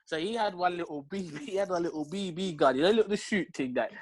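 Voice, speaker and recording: A young man with a London accent, telling a story in an animated, slang-heavy way as a podcast co-host. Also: high voice, fast. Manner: slangy, lively, full of street slang tags. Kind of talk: animated storytelling in casual chat.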